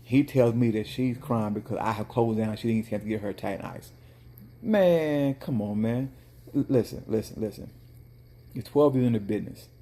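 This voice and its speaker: Small-business owner, male, low mellow voice, lively casual storyteller. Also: moderate pace. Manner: animated, chatty storyteller with bursts of mock outrage. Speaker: dessert cart owner.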